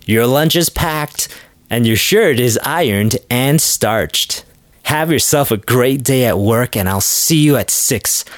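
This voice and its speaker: A man's voice: medium pitch, expressive, takes it slowly, no echo. A man voicing a prim, dutiful 1950s housewife who talks in a sweet, overly proper way. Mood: sweetly proper.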